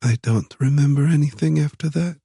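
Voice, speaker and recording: A man reading an audiobook voices a frightened young woman held captive, speaking in a halting, trembling way. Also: a little high, vocal fry, mellow, breathy edge, dry recording, clean studio sound, voice pushed up.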